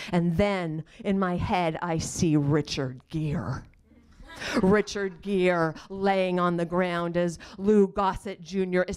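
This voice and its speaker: A woman telling a personal story before an audience, dropping to hushed, near-whispered asides and slowing right down on quoted questions. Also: lowish voice. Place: live storytelling stage.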